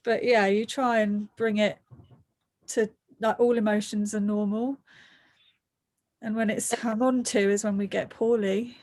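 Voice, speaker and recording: A woman's voice: medium pitch, flat delivery, a little slow, darkish tone. A woman therapist hosting an online group discussion, speaking in a reassuring, encouraging, conversational way. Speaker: therapist and host. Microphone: video call.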